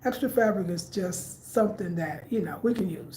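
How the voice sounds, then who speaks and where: A woman talks through her living room design in a loose, chatty vlog, thinking aloud and circling back over her ideas. Her voice is mellow and dark. The room is echoey, with a faint hum behind her. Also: lowish voice, normal speed, few pauses. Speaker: home design vlogger. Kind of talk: casual home-tour vlog. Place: living room at home, indoors.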